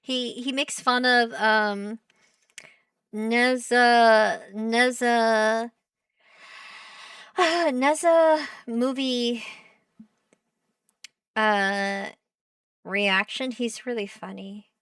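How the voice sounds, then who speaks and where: A young woman streamer chats playfully with her viewers, teasing and gushing in a high, bright voice. She takes her time, and she sits a little back from the mic in a dry room. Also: extremely slow, long pauses, smooth, dry recording, far from the mic. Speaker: VTuber streamer. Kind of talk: casual live-stream chat reacting to a show.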